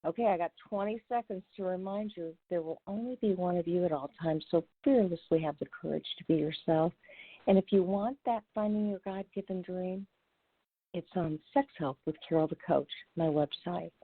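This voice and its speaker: A woman who is a recovery coach and radio host, telling a personal story in an earnest, conversational way that gets animated when she retells it. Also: fairly low pitch, normal speed. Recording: tinny phone-line radio audio, dry.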